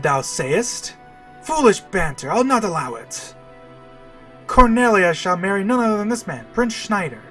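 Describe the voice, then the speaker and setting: A man voicing a pompous, archaic-speaking king in a hammy stage-play style, drawing out each line slowly and loudly. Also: heavily acted. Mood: haughty. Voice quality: booming, drawn-out stage delivery. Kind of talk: hammy read-along voice acting.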